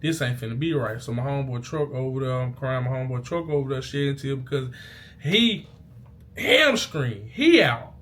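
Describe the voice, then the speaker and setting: A young man, telling a personal story to camera in casual, slangy, animated speech with loud bursts. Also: mid-range voice, moderate pace. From Mississippi. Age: young adult. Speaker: vlogger. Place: indoors, talking into a mirror.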